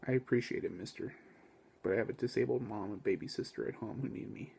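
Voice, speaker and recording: A man reading a novel aloud, voicing a calm, dutiful young male store clerk who gives plain advice. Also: lowish voice, fast, gravelly, husky, exaggerated voice.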